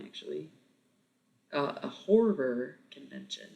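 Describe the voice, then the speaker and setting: Gravelly, lively-voiced streamer chatting with chat. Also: medium pitch, unhurried. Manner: rambling, swears freely, laughs often. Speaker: livestream host. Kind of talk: casual chat with viewers.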